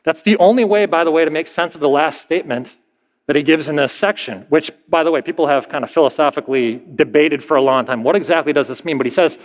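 A man's voice: fairly high pitch, quick pace, in a large hall. A man preaching a sermon as a pastor in a conversational, emphatic way, often restarting his phrases.

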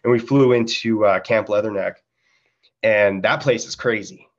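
As a podcast guest, a Marine veteran tells casual stories from his military service, laid-back and swearing freely. His voice is lowish and moderately paced, captured in a dull lo-fi recording.

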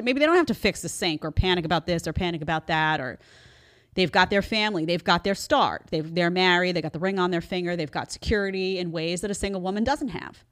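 A woman's voice: medium pitch, a bit bright. A middle-aged woman hosting a live commentary show, talking emphatically and directly to her viewers. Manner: emphatic, conversational, talks straight to viewers. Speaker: show host.

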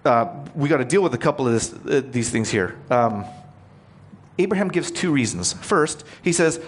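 A man's voice: mid-range voice, lively intonation, normal speed, slightly rough. A male preacher working through a scripture passage in a conversational sermon. He explains it plainly and puts questions to his listeners.

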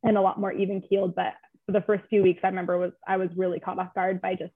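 Heard through a thin, phone-like line, a young woman talks openly as a guest about being a new mother. She speaks at a middle pitch, chatty and candid, with plenty of casual fillers. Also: little pitch movement, fast talker. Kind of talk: casual interview chat. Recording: tinny phone-line sound.

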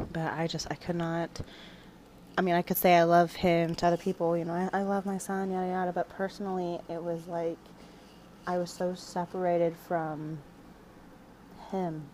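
A young woman speaks in a fairly low voice, emotional and confessional, often stopping and restarting as she tells her own story. She is the podcast's host. Faint noise hums underneath. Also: a little mellow, rough recording.

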